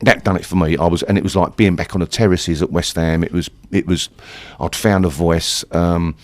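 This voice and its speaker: A man's voice: sits low, steady tone, a little fast. A man in his sixties with an East London accent, telling stories in a rambling, chatty way full of swearing. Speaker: interview guest, punk singer. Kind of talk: casual storytelling interview.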